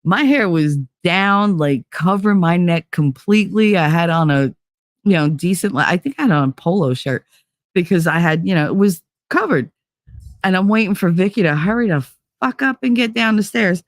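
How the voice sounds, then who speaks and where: A woman's voice: on the low side, lively intonation, moderate pace, no room sound, clean studio sound. Salty New woman telling stories. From New Jersey. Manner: profane, laughing, rambling storyteller. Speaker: podcast host. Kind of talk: casual storytelling chat.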